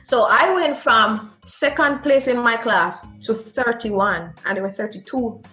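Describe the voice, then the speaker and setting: A Jamaican woman telling her own story as an interview guest, in a lively, animated way. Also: on the high side, a little slow, echoey room, highs cut off, faint music behind. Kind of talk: personal storytelling.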